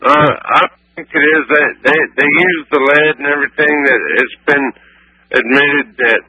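A man's voice: fairly high pitch, fairly even intonation, normal speed, sharp tone. A man calling in to a talk radio show, rambling with lots of "you know" and "I mean". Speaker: caller. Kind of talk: phone-in call. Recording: muffled call on radio.

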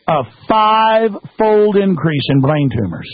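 A man hosting a radio show, delivering an exasperated, rambling monologue with sudden swings in pitch, heard through tinny phone-like radio audio. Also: expressive, unhurried, dry recording.

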